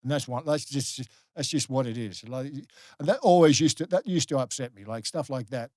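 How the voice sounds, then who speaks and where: A middle-aged Australian man, a guest on a podcast, telling a personal story candidly, halting and restarting often. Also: mid-range voice, darkish tone, no room sound. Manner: halting, many restarts, earnest. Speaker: guest, former rugby league player.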